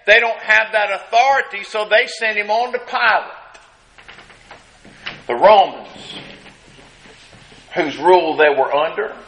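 A man preaching a sermon, retelling a scene dramatically and acting out the crowd's shouts. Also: high voice, low-quality recording. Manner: slow, drawn-out delivery with long pauses.

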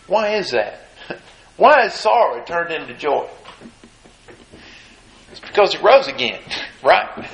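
A man's voice: a little high, very animated, slow pace, gravelly, pauses often, a bit bright. Folksy man preaching in a roomy space. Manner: folksy, reads scripture then comments with rising emphasis. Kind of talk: sermon. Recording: roomy echo.

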